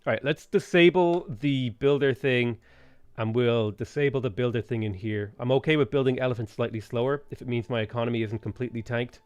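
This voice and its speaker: A man streaming a strategy game live, thinking aloud in a relaxed way with frequent ums. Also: mid-range voice, brisk, clean tone, no room sound. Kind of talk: live gameplay commentary.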